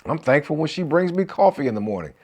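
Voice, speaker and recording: A man's voice: on the high side, animated, fast, a little mellow, breathy edge. A middle-aged man, a marriage coach, giving an encouraging talk to camera with preacher-like call-and-response asides.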